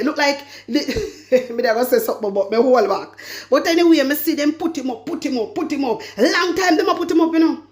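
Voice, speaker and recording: Fiery high-voiced Jamaican woman commentator. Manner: fiery, repetitive, heavy patois. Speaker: political commentator. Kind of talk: political commentary vlog.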